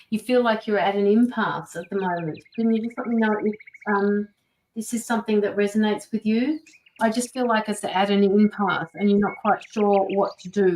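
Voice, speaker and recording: Gentle woman giving a livestream tarot reading. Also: mid-range voice, poor audio. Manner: gentle, reassuring, halting with fillers. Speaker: tarot reader and medium.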